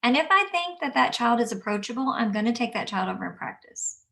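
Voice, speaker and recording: Calm woman teacher with a gravelly voice. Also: fairly high pitch, a little fast, recorded from a distance. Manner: calm, gentle, acts out what she says to children. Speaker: early childhood teacher. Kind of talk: instructional talk. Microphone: camera mic at a distance.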